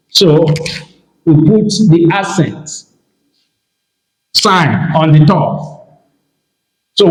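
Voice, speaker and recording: A man teaching a Hebrew grammar lesson, speaking slowly and repeating key terms and telling learners to take note. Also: sits high, a little mellow, echoey room, rough recording.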